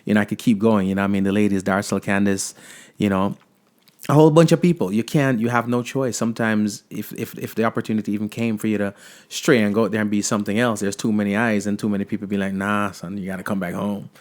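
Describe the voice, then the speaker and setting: Man, podcast host, fast-talking, slightly low voice, relaxed casual chat. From Jamaica.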